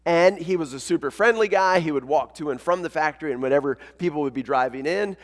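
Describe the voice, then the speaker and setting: A man preaching a sermon as pastor, talking in a conversational, energetic way and calling on the congregation to join in. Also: a little high, fast, in a large hall. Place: church sanctuary.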